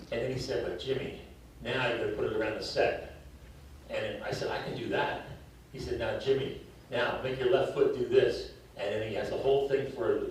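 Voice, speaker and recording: A man's voice: mid-range voice, slight background noise. An older man teaching a live drum clinic, counting off drills and telling stories, a little out of breath. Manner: coaching, counting off and storytelling. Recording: distant mic in echoey hall.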